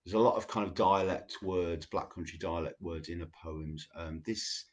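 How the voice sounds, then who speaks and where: A man hosting a show, reading poems slowly and deliberately and chatting loosely between them. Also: deep voice. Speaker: radio show host. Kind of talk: poetry reading with casual asides.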